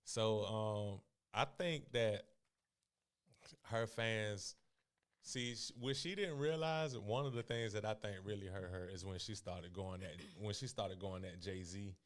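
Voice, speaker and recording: Man host, casual chat, easygoing, laughs along, slightly low voice. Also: a little slow. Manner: easygoing, laughs along, short agreeing replies.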